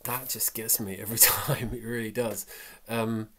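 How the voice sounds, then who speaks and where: A man giving a casual, reflective talk about a short story, halting often with fillers. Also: on the low side, little pitch movement, heavy background noise. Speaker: book vlogger. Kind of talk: casual book talk and reading.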